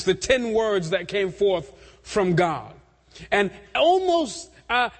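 A man delivers a sermon in a strikingly high voice, unhurried and measured. He leans into pauses and lifts his emphasis at key moments. His voice rings out with a long reverb through a large church hall. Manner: slow, deliberate preaching with dramatic pauses and rising emphasis. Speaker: preacher.

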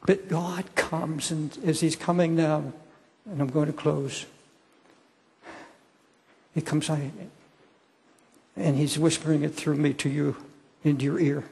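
An older male preacher pleads with his listeners at an unhurried pace, often repeating himself. His voice is gravelly and husky and sits a little high, with a long reverb trailing behind it. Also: fairly even intonation, a little mellow. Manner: slow, pleading, repeats words. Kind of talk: sermon with altar call.

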